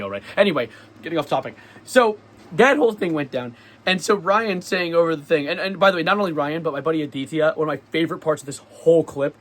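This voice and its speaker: A young man vlogging, telling a story in a lively, sarcastic way and often laughing. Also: a little high. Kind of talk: casual storytelling vlog.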